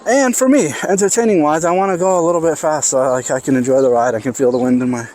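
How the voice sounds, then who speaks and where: A man with a New York accent talks casually into a clip-on mic as he rides through the city. His voice sits a bit high for a man, and he rambles along with loose restarts. Faint street noise runs behind him outdoors. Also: quick pace, a little mellow. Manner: rambling, chatty, thinks aloud with restarts. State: parched, voice getting strained. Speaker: vlogger riding an electric unicycle. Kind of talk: casual vlog talk while riding. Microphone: clip-on mic while riding.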